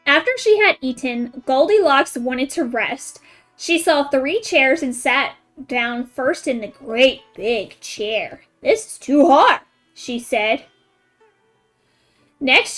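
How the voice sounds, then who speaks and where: A woman game streamer in casual chat, reading a children's story aloud with giggly, amused asides. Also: sits high.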